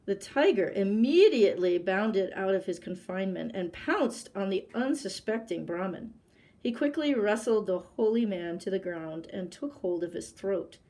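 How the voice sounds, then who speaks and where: Expressive woman reading a picture book. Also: mid-range voice, moderate pace, low-quality recording. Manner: clear, expressive storytelling. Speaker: library storyteller.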